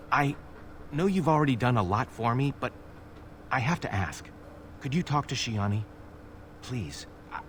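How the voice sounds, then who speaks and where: A man's voice: medium pitch, a little hiss or hum. An actor playing a worried male elf in a video game, speaking earnestly as he asks for help. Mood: pleading. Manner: earnest, pleading. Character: worried male elf pleading for his cousin. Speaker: game character.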